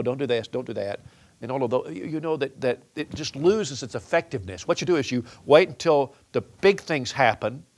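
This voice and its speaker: A middle-aged man preaching a sermon-style talk on raising children, earnest, often repeating words as he restarts his sentences. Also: medium pitch. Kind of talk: sermon-style teaching on parenting.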